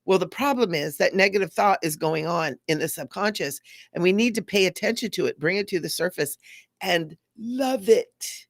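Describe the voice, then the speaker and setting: Gravelly-voiced woman giving a spiritual teaching talk. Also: on the low side, moderate pace, no echo, studio quality. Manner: earnest, acts out quoted voices.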